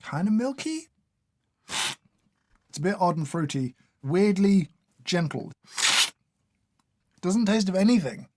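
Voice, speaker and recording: A man's voice: sits high, big pitch swings, takes it slowly, pauses often, mellow, no echo. Dry, sarcastic man tasting food. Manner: dry, sarcastic, opinionated, scolds the products directly. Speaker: food taste tester. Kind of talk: casual taste-test commentary.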